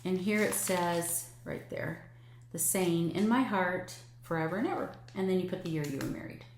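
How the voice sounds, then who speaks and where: A woman in her sixties chatting warmly through her cross-stitch projects, gushing over patterns with plenty of ums. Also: on the low side, normal speed. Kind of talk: casual show-and-tell chat. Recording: echoey room with faint noise.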